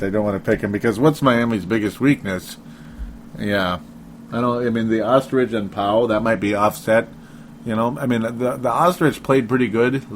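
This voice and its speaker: A fairly low-pitched man co-hosts a casual sports podcast, rambling, laughing often and breaking off mid-sentence. Slight background noise can be heard.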